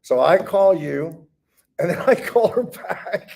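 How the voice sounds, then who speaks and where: A man's voice: sits high, lively intonation, takes it slowly, gravelly, darkish tone, breathy edge. A man hosting a casual conversation, often affirming his guest and laughing along. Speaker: host. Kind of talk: casual studio chat.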